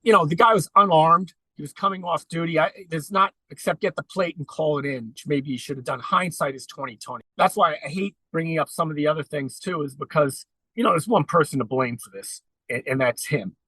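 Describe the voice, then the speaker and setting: Earnest guy telling his story on a podcast, bright voice, dry sound. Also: fairly high pitch, brisk, slightly rough, no echo, rough recording. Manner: earnest, recounting at length. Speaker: podcast guest. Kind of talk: conversational interview.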